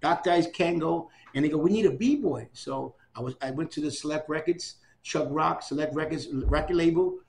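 A gravelly, high-leaning voice belongs to an older New York City man speaking at normal speed with hardly any pauses, over slight background noise. He's an animated oral history storyteller who acts out quoted voices.

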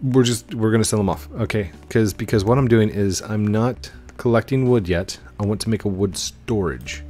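Excitable young man narrating gameplay. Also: fairly low pitch. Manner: chatty and excitable, often gasping and exclaiming. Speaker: gaming channel host. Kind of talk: live gameplay commentary.

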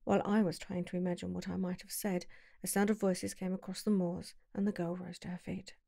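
Mellow woman reading an audiobook. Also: lowish voice, vocal fry, no echo, clean studio sound. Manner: calm, measured storytelling. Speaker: audiobook narrator. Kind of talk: audiobook narration.

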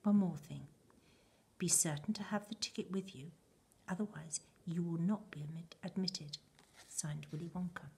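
A woman reading aloud and voicing a grand, eccentric male chocolate maker's letter in a theatrical, husky voice. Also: lowish voice, normal speed, a little mellow. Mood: grandiose.

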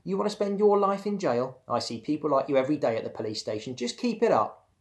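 A man's voice: mid-range voice, normal speed, close to an everyday voice. A man voicing a stern, angry father who scolds his son.

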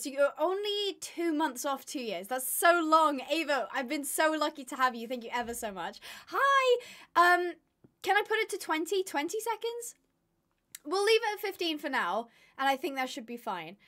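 A woman's voice: high-pitched, very animated, moderate pace, a bit bright. A young woman live-streaming, chatting casually with her viewers, tired and with her voice giving out. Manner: chatty, rambling, laughs often. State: tired, voice going.

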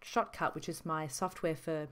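A woman teaching about voices in a measured, explanatory monologue. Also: sits low, fairly even intonation, clean tone. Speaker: voice instructor.

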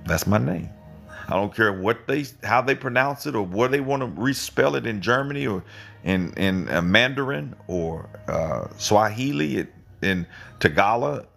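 A middle-aged man hosting his own channel, giving an informal live Bible teaching in a rambling, repetitive way with emphatic jumps in pitch. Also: gravelly, fairly bright tone. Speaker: online channel host.

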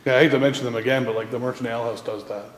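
A man hosting a beer review, telling relaxed, joking anecdotes in a casual interview. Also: mid-range voice, very fast, a crowd in the background. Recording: echoey hall.

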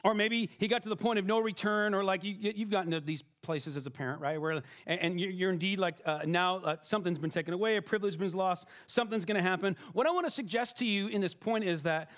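A man's voice: high-pitched, fast, few pauses, a bit bright. A middle-aged man preaching a sermon as pastor, conversational and self-deprecating, often checking in with "right?" and restarting his sentences.

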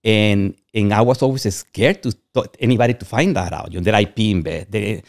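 A man's voice: on the low side, a little fast, gravelly, no echo, clean studio sound. A man from Guatemala, a podcast guest telling personal stories in a rambling way and often saying "you know what I mean". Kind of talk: candid personal storytelling.

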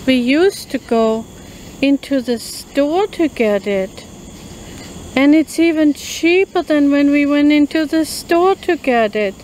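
A woman's voice: high voice, lively intonation, darkish tone, slight background noise, poor audio. Chatty woman reviewing food outdoors. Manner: chatty, reads labels aloud slowly. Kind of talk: casual product review vlog. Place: outdoors in a rural yard at night.

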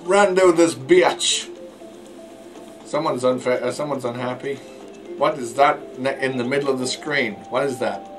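A man's voice: medium pitch, steady tone, moderate pace, low-quality recording. Jokey man commenting on gameplay over game music. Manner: jokey, self-mocking, stumbling over words. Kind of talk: casual let's play commentary.

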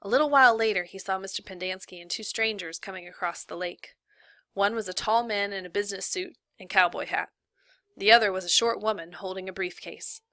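A woman reads a novel aloud in a steady, measured way. Her voice is bright and close, with a dry sound. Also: mid-range voice, no room sound. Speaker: reader.

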